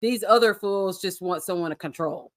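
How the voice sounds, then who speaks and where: A woman's voice: medium pitch, normal speed, fairly bright tone. A woman who is a guest on a podcast, talking casually, bluntly and outspokenly, and swearing often. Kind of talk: casual chat.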